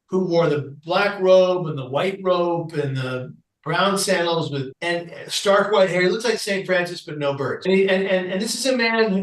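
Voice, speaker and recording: A man with a fairly high voice tells a personal story as a podcast guest, acting out the people he quotes with lively energy. He sits back from the microphone, so his voice carries a noticeable echo of the room. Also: distant mic.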